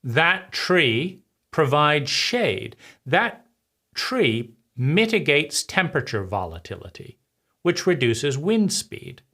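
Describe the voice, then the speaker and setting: A man hosting his own channel, giving a slow, deliberate philosophical monologue with frequent pauses between phrases. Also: on the high side, very animated, pushed and bright. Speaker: channel host.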